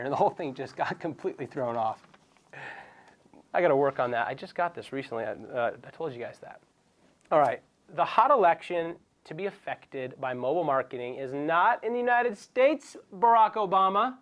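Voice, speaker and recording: A young man hosting a comedic web show, joking and rambling in a self-deprecating way. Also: high-pitched. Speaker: host.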